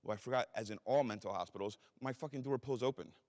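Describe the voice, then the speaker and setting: A man's voice: mid-range voice, fast talker, a little mellow. A man telling a story from his own life in a blunt, profane, self-mocking way. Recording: reverberant hall.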